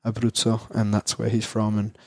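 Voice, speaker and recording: Aussie bloke rambling thru an interview, low flat voice, dry close sound. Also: male voice, normal speed, no room sound. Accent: Australian. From Australia. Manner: rambling, frequent fillers and restarts. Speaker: guest. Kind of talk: casual interview chat.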